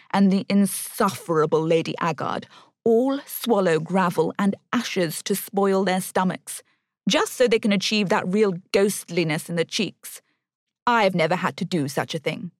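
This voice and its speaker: A woman's voice: lowish voice, no echo, studio quality, natural voice. A woman voicing a vain, haughty noblewoman mother who coos her words. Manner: cooing, haughty.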